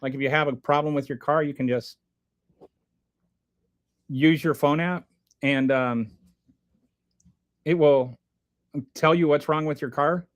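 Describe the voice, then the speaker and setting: A man with a fairly high voice talks through a casual livestream, reading chat messages aloud and commenting on them. His delivery rambles, with frequent restarts and asides, and it stays animated throughout. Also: a little slow, pauses often.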